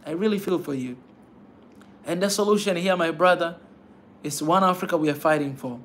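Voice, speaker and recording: With a brisk pace and a bit of brightness in his rather high voice, the host of a pan-African channel speaks fervently to livestream viewers. He repeats phrases, tacks "man" onto them, and pleads rather than lectures. Slight background noise is audible.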